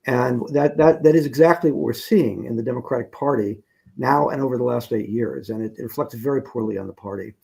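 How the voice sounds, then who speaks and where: A man appearing as a guest on a radio talk show, giving measured, critical political analysis. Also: mid-range voice, gravelly, warm tone, husky. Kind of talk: political commentary in conversation.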